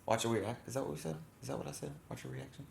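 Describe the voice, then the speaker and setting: A man's voice: medium pitch, steady tone, very fast, creaky, a little mellow, a little hiss or hum. A man co-hosting a casual reaction chat, rambling with lots of fillers and self-corrections. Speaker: channel co-host. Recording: echoey room.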